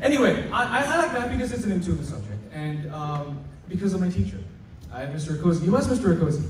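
A male student in his late teens doing stand-up comedy at school, chatty and stammering, loudly acting out his teachers. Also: high voice, sing-song, fast. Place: school hall with an audience. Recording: echoey hall recorded from far off. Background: audience laughter and room noise.

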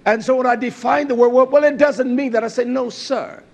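A man preaching a sermon, emphatic and repetitive, with sudden shouted bursts. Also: very high voice, fairly even intonation, fairly quick, creaky.

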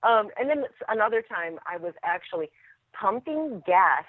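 A woman actress telling stories as a podcast guest, animated and laughing often. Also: medium pitch, normal speed, dry recording. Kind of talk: interview storytelling. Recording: dry tinny phone line.

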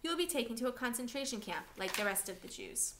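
A woman's voice: a little high, very animated, fast, background noise. A woman reading aloud voices a cold, mocking German soldier in a storybook reading.

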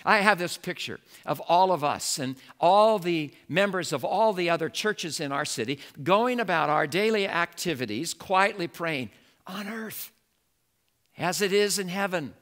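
A male pastor preaching a sermon in an animated way, building to emphatic exclamations. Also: high voice, normal speed.

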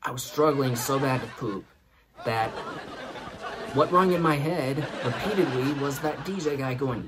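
A man's voice: mid-range voice, unhurried, a loud crowd. Man, comic storyteller, laughs as he talks, noisy recording. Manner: laughs through his story. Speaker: host. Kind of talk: comedic storytelling.

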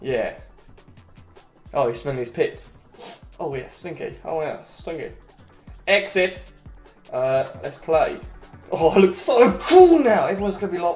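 A man giving casual commentary while he plays a video game, chatty and excitable. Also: on the high side. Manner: excitable, chatty, quick cries and laughs. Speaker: gaming channel host. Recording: roomy echo, faint game music.

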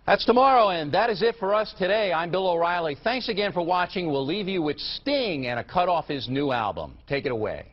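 A news host in a TV studio, his voice high and swinging widely in pitch. He goes from confused muttering to loud swearing. The audio is muffled and lo-fi, like an archived broadcast. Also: animated, fairly quick, few pauses. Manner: bewildered, then furiously swearing. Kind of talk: studio rehearsal with a teleprompter.

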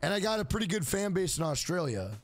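A man's voice: high voice, sing-song, quick pace. A man live-streaming a video game, chatting casually with viewers in a rambling, profane way.

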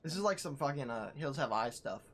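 A man's voice: medium pitch, expressive, brisk, crowd noise. A young man casually commentating a video game, bossily coaching and teasing the player while swearing a lot. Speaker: gaming channel host coaching a player. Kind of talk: casual let's-play commentary.

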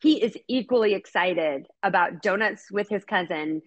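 A woman's voice: medium pitch, normal speed. A middle-aged woman speaking as a podcast guest about her son, candid and heartfelt, chatty, laughing now and then. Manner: heartfelt and chatty, laughs often, acts out quoted people. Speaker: guest, mother of an autistic son.

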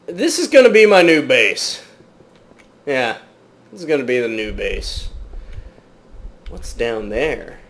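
Slow-talking man in a mock British accent. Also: medium pitch, big pitch swings, fairly bright tone. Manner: startled yelps and exclamations at game threats; talks to viewers as "guys". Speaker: gaming channel host. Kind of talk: let's play gameplay commentary.

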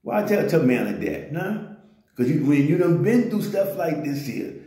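A man's voice: a little high, animated, moderate pace, dark tone. Slangy ranting man in a very echoey room. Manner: loose slangy talk, many "you know what I'm saying". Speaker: vlogger. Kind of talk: ranting commentary.

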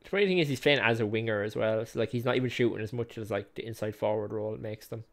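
In a fast, lowish voice, a man hosting a gaming video gives play-by-play of the match. It's casual let's-play commentary, chatty and self-mocking, and he laughs often.

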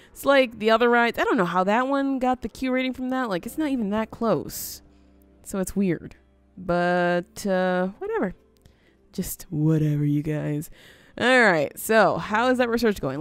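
A woman's voice: on the high side, dry recording. A woman casually commentating as she plays a building game, thinking aloud with frequent little laughs. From US, near Canadian border. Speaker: gaming video host. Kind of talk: casual let's-play commentary.

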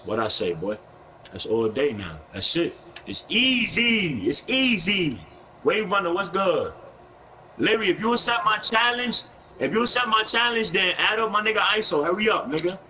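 A man's voice: high voice, lively intonation, normal speed, sharp tone, slight background noise, low-quality recording. A young man with a New York accent, live-streaming a basketball video game, talking in brash, profane trash talk with an aggressive edge. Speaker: gaming streamer.

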